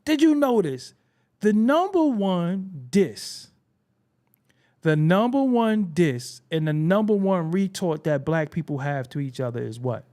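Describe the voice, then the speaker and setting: A man's voice: high voice, animated, unhurried, a little mellow. A man from Brooklyn with a Brooklyn accent, hosting a casual commentary monologue in a blunt, preachy way, swearing freely. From Brooklyn, New York. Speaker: show host.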